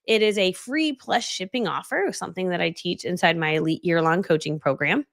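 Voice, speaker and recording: A woman's voice: on the low side, brisk, vocal fry, hardly any pauses, no echo. A middle-aged woman hosting a live coaching stream, chatty and bubbly, laughing often and reading out viewer comments, close on a studio microphone. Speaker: business coach hosting a livestream. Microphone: studio dynamic microphone.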